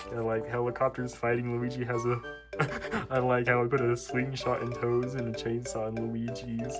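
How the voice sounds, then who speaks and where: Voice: mid-range voice, completely flat delivery, normal speed. A young adult around twenty, casually rambling and poking fun at their own childhood books. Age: about 20. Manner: rambling, self-mocking. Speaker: YouTuber. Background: faint background music.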